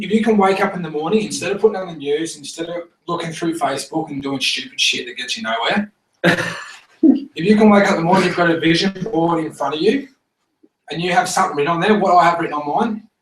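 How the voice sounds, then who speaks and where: Guy, higher voice, animated and laughing, swears a lot; distant mic, roomy echo. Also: a little hiss or hum. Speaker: team member giving a testimonial. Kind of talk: casual storytelling talk to a group. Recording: echoey room, recorded from afar.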